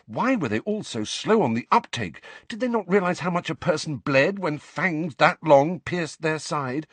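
A man narrating a story in an expressive, varied scripted reading. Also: on the high side, normal speed, breathy edge, dry recording. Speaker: audiobook narrator.

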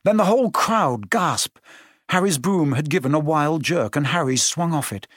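Man reading a story aloud, fairly high voice, expressive, dry close sound. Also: normal speed, no room sound. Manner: expressive storytelling with shifting pace. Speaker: audiobook narrator. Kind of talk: scripted narration.

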